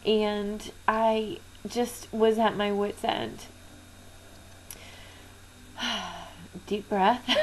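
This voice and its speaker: A woman in her thirties, a business coach, telling a candid personal story with fillers and soft laughs, near tears as she talks. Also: mid-range voice, a little hiss or hum, rough recording. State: close to tears.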